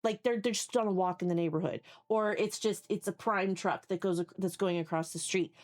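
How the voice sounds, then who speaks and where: A woman's voice: medium pitch, fairly quick, hardly any pauses, a little mellow. A woman streaming live who chats casually with her viewers, rambling, swearing freely and laughing often. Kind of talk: casual chat. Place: home basement.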